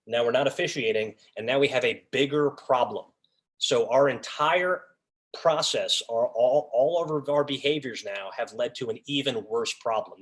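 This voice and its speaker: A man leading an officials' training session on a video call, talking casually and acting out what officials and coaches say. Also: mid-range voice. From raised by Long Islanders. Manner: animated, acts out lines of officials and coaches. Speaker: officiating instructor.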